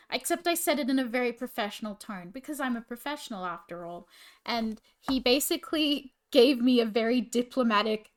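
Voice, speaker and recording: A young woman in her twenties chats casually on a livestream. She vents with exasperation and swears freely. Her voice sits a little high. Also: animated, normal speed, a bit bright. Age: 20s. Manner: exasperated venting, frequent swearing. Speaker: teacher and livestreamer.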